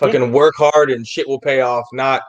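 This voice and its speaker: A man on a sports panel, telling stories in an animated way and swearing freely. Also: medium pitch, moderate pace, dull audio. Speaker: panel guest. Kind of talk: casual sports talk.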